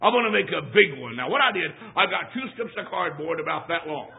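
A man preaching as a traveling evangelist at a church service, telling a humorous personal story, swinging between shouts and hushed asides. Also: a little high, expressive, a little fast, vocal fry. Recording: tinny lo-fi phone-like recording.

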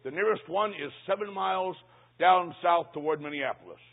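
A preacher murmuring as a polite song leader. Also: male voice, high-pitched, normal speed. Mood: hushed. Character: soft-spoken male song leader, polite. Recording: tinny lo-fi line.

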